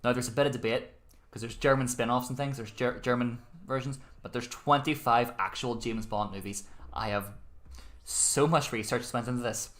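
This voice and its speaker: A man's voice: mid-range voice, steady tone, moderate pace, a bit bright. An Irish man hosting an online quiz in a casual, chatty way, with joking asides and self-amused laughs. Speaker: quiz host.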